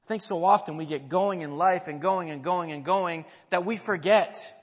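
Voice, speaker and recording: A man's voice: high voice, normal speed, long reverb tail. A man in his thirties, a pastor preaching a sermon, telling a story and asking the listeners questions.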